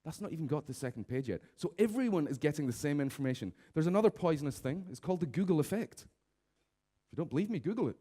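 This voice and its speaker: Lively man giving a comic keynote. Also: a little high, fast talker. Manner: lively, mimics office characters in raised voices. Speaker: conference speaker. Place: conference stage.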